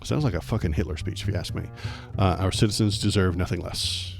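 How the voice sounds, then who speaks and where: A man's voice: sits low, a little fast, gravelly, faint music behind. A man streaming political commentary, reading a document aloud and mocking it with sarcastic, angry asides and frequent stumbles. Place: home streaming setup.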